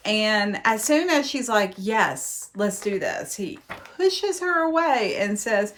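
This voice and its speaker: A woman talks through a romance novel's plot at an unhurried pace, pausing to drop sarcastic asides. Her voice sits at an ordinary middle pitch, and she leans hard on the words she finds absurd. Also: animated, fairly bright tone. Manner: wry, sarcastic asides, dramatic emphasis. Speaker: book reviewer and podcast host. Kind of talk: sarcastic book recap.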